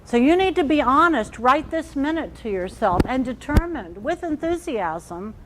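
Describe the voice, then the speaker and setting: A woman trainer giving an animated workshop talk, acting out little quoted inner voices as she explains. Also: sits high, normal speed, heavy background noise.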